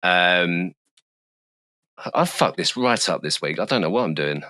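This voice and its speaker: A man's voice: deep voice, expressive, a little slow, bright, forceful tone, no room sound. A man with a London accent hosting a casual football podcast, swearing freely and fumbling through the results with self-mocking asides. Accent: London English. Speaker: podcast host. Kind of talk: casual chat.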